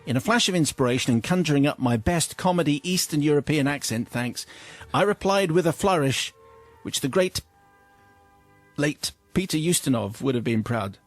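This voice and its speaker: A male radio host reads a listener's confession letter aloud with amusement, his voice slightly higher than most men's. Faint music runs under his reading. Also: animated, normal speed, dry recording. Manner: amused, breaks into laughter while reading.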